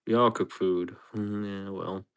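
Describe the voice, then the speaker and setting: A man's voice: sits low, fairly even intonation, measured pace, clean tone. A man chatting casually on a live stream, rambling and chuckling as he reads chat aloud.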